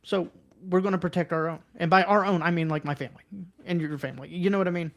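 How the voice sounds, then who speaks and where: A man co-hosting a casual podcast, talking bluntly and conversationally, jumping up in pitch when he quotes others. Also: fairly even intonation, fast talker, a bit bright, lo-fi sound. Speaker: podcast co-host. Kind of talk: casual political podcast chat.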